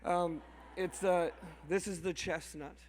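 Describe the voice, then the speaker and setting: A mushroom farmer from Canada, high-voiced and steady, takes his time through an emotional, improvised speech to a crowd. He rambles and restarts with little laughs; the large hall adds long reverb, with slight background noise.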